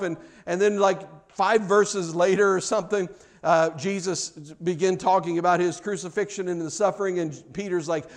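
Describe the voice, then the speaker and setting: A middle-aged man preaching a sermon as pastor, earnest and animated, often repeating words as he restarts his sentences. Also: high voice, moderate pace.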